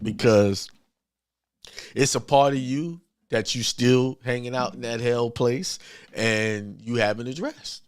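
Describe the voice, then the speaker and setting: Man, informal sermon, blunt and repetitive, very lively pitch. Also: slow, no echo. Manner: emphatic, repetitive, talks straight and blunt. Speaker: spiritual speaker.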